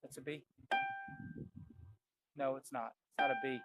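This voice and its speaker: Guy teaching ear training at the piano, calls out notes as he plays, piano loud in the mix. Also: medium pitch, fairly even intonation, unhurried. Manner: thinks aloud, naming notes as he plays. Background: piano playing.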